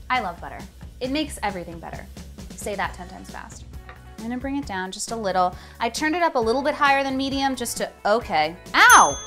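A young woman with a New Jersey accent talks her way through a home cooking vlog, joking at her own expense. Her voice sits fairly high and swings up and down with lively energy. Soft music plays faintly behind her. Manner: chatty, self-deprecating, jokey. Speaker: cooking video host. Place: home kitchen.

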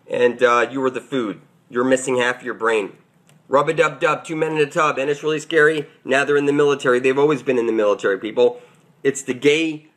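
A man delivering a rambling, preachy conspiracy rant straight to his audience, swinging between loud outbursts and muttered asides. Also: fairly high pitch. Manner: preachy, emphatic, keeps calling out to 'people'. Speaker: channel host.

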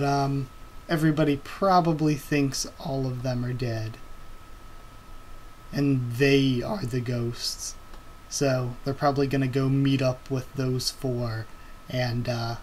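A man's voice: medium pitch, a little mellow, a little hiss or hum. A young man hosting a live reaction video, chatting enthusiastically in a casual way with frequent fillers.

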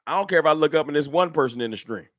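A man hosting a casual fan livestream, talking in an animated, slangy way and answering his chat by name. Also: fairly high pitch, racing, no echo. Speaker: livestream host. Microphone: streaming setup.

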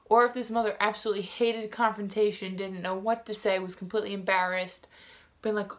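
A woman's voice: medium pitch, steady tone, fairly quick. A woman vlogger telling a story to camera in a casual, rambling way, full of "like" fillers and restarts, frank and indignant.

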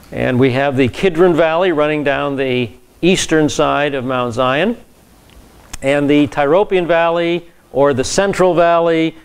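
A man's voice: on the high side, clean tone. A man, a pastor, teaching a Bible class in a conversational lecture style, with frequent fillers and repeated words.

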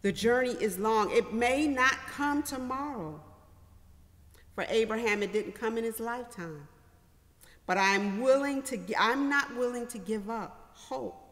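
A woman pastor preaches slowly and deliberately, leaning on repeated refrains. Her voice is bright and fairly high. It rings through a church sanctuary with a long, lingering reverb. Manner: slow, rhythmic, repeating refrains. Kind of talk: sermon.

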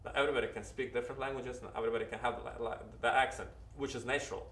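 A man's voice: medium pitch, fairly even intonation, racing, fairly bright tone, reverberant, distant mic. A man with a Ukrainian accent, an actor giving earnest advice in an interview, often restarting his sentences. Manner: earnest, advising, with many restarts. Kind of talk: casual interview talk.

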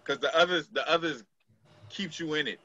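Bright, loose-talking man in movie chat. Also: on the high side, normal speed, dull audio, slight background noise. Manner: loose and profane, laughs often. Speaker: podcast co-host.

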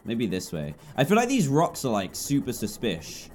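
Excitable English gaming commentator, lively voice. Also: male voice, normal speed, slight background noise. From England. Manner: jumpy, chatty, swings between low mutters and loud yelps. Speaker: gaming YouTuber. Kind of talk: gameplay commentary.

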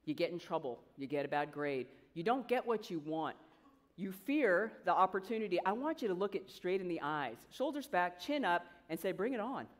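Lady coach pepping up a room of students, mid-pitched voice, big echoey hall. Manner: energetic, conversational, quizzes the audience. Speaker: coach and guest speaker. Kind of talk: motivational speech to students. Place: large event hall with an audience. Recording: long hall reverb.

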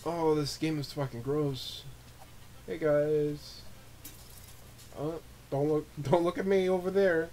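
A young man recording let's play commentary, swearing and swinging from low muttering to sudden shrieks of disgust. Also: steady tone, slow pace, pauses often, dark tone. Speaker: gamer, channel host.

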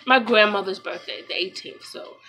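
A young woman from New York talking in a casual personal vlog, subdued and halting, with many fillers and restarts. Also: mid-range voice, over music, low-quality recording. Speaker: vlogger, mother.

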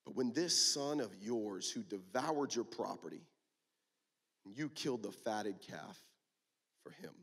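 A man's voice: on the low side, animated, a little slow, long pauses, fairly bright tone, slightly rough. A man preaching a sermon at a youth conference, emphatic and full of rhetorical questions.

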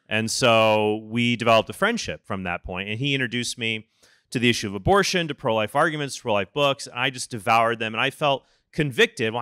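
A man in his thirties gives a lively conference talk, breaking into quoted voices as he tells his stories. His voice is bright and crisp, and the recording is dry and close. He speaks to a live audience. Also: mid-range voice, no room sound.

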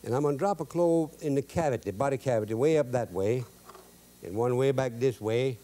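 A man's voice: medium pitch, fairly quick, warm tone. Cajun guy cooking on tv, drawly, joking around, mid voice. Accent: Cajun Louisiana. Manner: drawling, storytelling, broken Cajun grammar. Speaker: cooking show host. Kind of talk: folksy cooking demo with jokes.

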